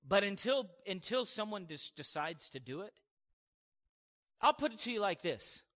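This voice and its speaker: High, bright-voiced male preacher. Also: sing-song, normal speed, long reverb tail. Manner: emphatic, conversational preaching with asides. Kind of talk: sermon.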